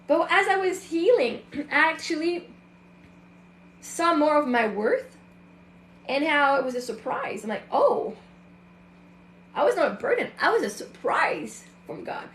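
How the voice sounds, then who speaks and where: A woman in her thirties with a high, bright-pitched voice talks through a candid personal reflection as a show host. Her delivery is chatty and loose, full of fillers and quoted inner thoughts. The recording carries a noticeable roomy echo. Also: very animated, moderate pace, slight background noise. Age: 30s.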